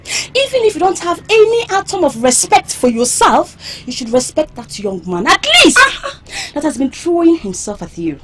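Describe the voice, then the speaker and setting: An actress with a Nigerian accent playing a sharp-tongued young village woman in a Nollywood royal drama, scolding and mocking loudly. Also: high voice, sing-song, normal speed, few pauses. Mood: angry scolding. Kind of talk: Nollywood film acting.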